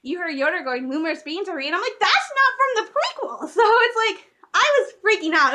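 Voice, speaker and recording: A young woman vlogging in a casual, gushing way, talking fast and emotionally. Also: sits high, bright, forceful tone. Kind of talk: excited casual fan vlog.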